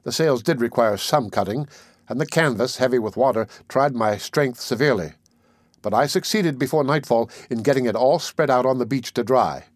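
A man reading an audiobook in measured, steady first-person narration. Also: medium pitch, no room sound, studio quality. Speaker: audiobook reader.

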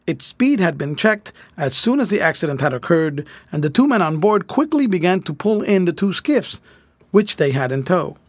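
A man reading a children's adventure story aloud as an audiobook narrator, with an expressive delivery. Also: high voice, moderate pace, dry recording.

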